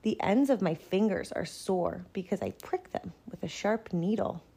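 A woman reading a picture book aloud in a gentle, measured storytelling voice. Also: medium pitch, animated, gravelly, breathy edge. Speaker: storybook reader.

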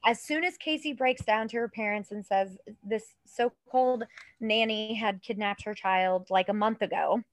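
A woman's voice: mid-range voice, normal speed, dry recording, poor audio. A woman in her thirties co-hosting a casual chat, telling a story in a loose, swearing, laughing way. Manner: chatty, swearing, acts out quoted voices with laughter. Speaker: podcast co-host telling a true crime case.

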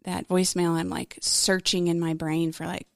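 A woman's voice: fairly low pitch, little pitch movement, normal speed, creaky, no room sound, studio quality. A woman in a conversational interview, telling a personal story in a frank, candid, rambling way, full of fillers and emotion. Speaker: podcast guest.

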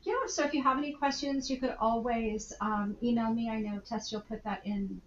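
A woman's voice: fairly high pitch, fairly even intonation, normal speed, echoey room, lo-fi sound, a little hiss or hum. A woman guest, a skincare instructor, explaining clinical topics in a casual interview, laughing often and using fillers.

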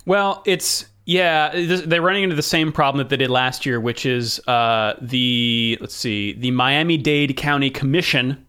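A man co-hosting a casual podcast, relaxed and wry with short reactions. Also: mid-range voice, unhurried, few pauses, clear, resonant tone. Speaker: podcast co-host. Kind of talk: casual chat.

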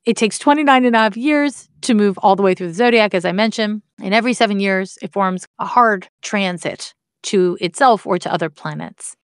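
A woman's voice: medium pitch, a little fast, hardly any pauses, dry recording, studio quality. A woman explaining astrology in a casual, candid way, swearing now and then and making wry asides. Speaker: astrology teacher.

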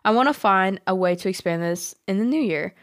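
A woman co-hosting a podcast, reading a listener's letter aloud in a plain, steady way. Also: mid-range voice, brisk. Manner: plain, steady reading with small laughs at the jokes. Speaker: podcast co-host.

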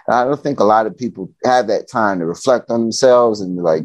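A man's voice: fairly low pitch, a little fast, hardly any pauses, no echo. A man from Chicago, a podcast guest telling stories in casual talk, acting out what people said, loose and a little profane. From Chicago, USA. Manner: animated, acts out quoted dialogue, casual and profane. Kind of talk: casual storytelling conversation.

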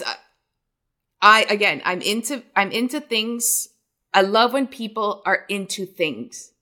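Woman co-host, bright tone, animated rambling sports chat. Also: medium pitch. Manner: animated, rambling, self-deprecating. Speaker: podcast co-host. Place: New York City.

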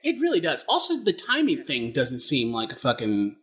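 A podcast co-host in casual banter, crude and playful, reacting loudly. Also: mid-range voice, wildly swooping pitch, moderate pace.

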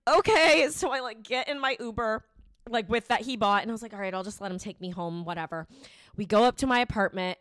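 A young woman co-hosting a podcast, telling a story in a lively, casual chat, laughing and swearing freely. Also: on the high side, dry recording, studio quality. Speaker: podcast co-host.

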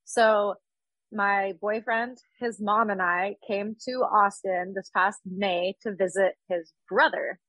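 A woman's voice: mid-range voice, fairly even intonation, slow, a bit bright, no echo, rough recording. A woman in her thirties from California, chatting upbeat and casually as a podcast guest, with lots of fillers. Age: 30s.

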